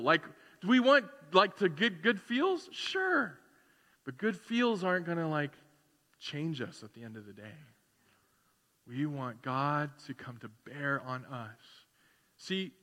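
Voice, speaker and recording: A man's voice: fairly high pitch, pushed and bright. A man preaching a sermon to his church in a loose, conversational way, full of fillers and acted-out asides. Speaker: pastor. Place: church sanctuary. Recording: long church hall reverb.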